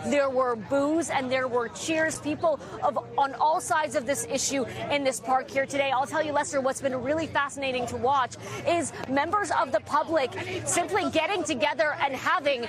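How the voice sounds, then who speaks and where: A woman's voice: sits high, normal speed. A woman reporting live from a park outside a courthouse, conversational and describing the scene. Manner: conversational, vivid scene-setting. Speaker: field reporter. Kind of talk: live outdoor news report. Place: outdoors near a courthouse park. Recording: outdoor crowd behind.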